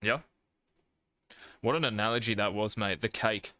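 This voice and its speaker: Blunt, swearing male game coach, bright voice. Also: fairly low pitch, normal speed, no echo. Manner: blunt, profane, calls the listener mate. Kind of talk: live-streamed coaching session.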